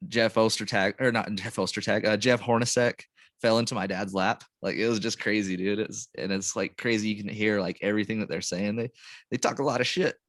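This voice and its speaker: Laid-back low-voiced podcast host. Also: male voice, steady tone, fairly quick, fairly bright tone, dry recording. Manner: laid-back, says dude and man a lot. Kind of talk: casual chat.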